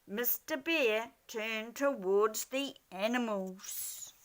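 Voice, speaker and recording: A woman reading a children's picture book aloud in an expressive, animated way. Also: a little high, slow. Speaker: storyteller.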